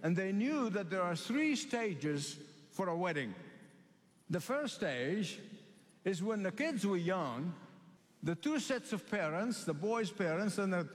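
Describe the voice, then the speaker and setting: A man from the Middle East preaching a sermon, emphatic and repetitive, stretching key phrases slowly. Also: high voice, big pitch swings, big-room sound.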